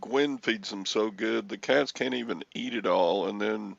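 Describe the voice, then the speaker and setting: An older man talks slowly in a rambling, easygoing way, his voice crackly with a morning frog. The tone is deeply gravelly and husky. The recording sounds dull and lo-fi. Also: no echo. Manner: easygoing, rambling, clears his throat often. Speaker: host. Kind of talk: casual chat.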